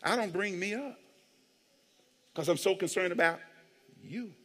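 A male pastor preaching an animated sermon in a church, joking with the congregation and calling for amens. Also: sits high, measured pace. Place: church sanctuary. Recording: long church reverb.

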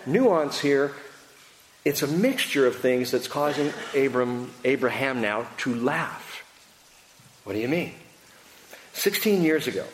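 A middle-aged male pastor preaching in a church hall, chatty and animated, laughing easily as he acts out the story. His high, lively voice jumps around, carried by a long echo and a faint background hiss. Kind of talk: sermon. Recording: echoey hall with faint noise.

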